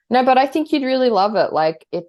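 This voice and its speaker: A woman's voice: on the high side, darkish tone. A woman co-hosting a podcast, talking candidly and rambling, often laughing between thoughts. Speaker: podcast co-host. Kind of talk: casual chat.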